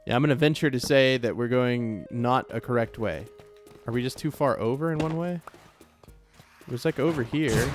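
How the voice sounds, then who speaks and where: A young man casually commenting on his own gameplay in a chatty, joking way, quick to get startled and to repeat himself. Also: mid-range voice, expressive, a bit bright, soft background music. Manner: chatty, jokey, easily startled, repeats phrases. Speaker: let's play gamer.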